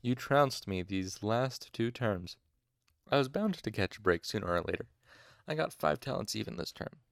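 A man reading as a cheerful young student from a fantasy novel, teasing and joking with his friends. The voice is low and gravelly, with a dry, close sound. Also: expressive, moderate pace, no room sound.

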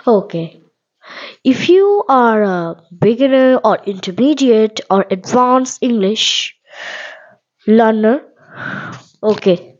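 A woman who teaches English hosts a spoken lesson podcast, speaking in halting, repetitive simple phrases and checking in with "okay?". Her voice is a little high and a little mellow, with the highs cut off.

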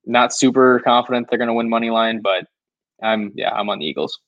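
A man's voice: medium pitch, fairly even intonation, fairly quick. A man co-hosting a podcast, chatting in an easygoing way about football bets. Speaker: podcast co-host. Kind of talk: casual sports betting chat. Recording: dull, dry lo-fi mic.

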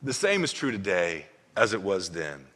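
Male pastor, sermon, emphatic, repeats words, bright tone, long hall reverb. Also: low-pitched, sing-song, moderate pace. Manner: emphatic, repeats words, acts out quoted voices.

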